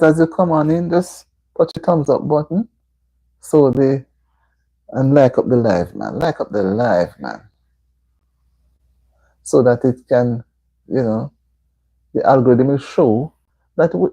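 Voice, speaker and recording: In a very deep, mellow, slightly rough voice, a Jamaican woman hosts a casual livestream from her home. She chats with her viewers and responds to their comments with motherly advice.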